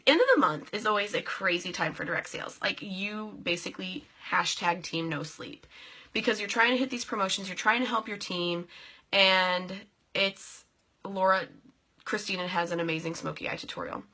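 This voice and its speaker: A bubbly, goofy young woman, a vlogger who leads a direct sales team, hosts a casual live video chat and addresses viewers by name. She speaks at a moderate pace with a medium pitch and a bright, forceful tone.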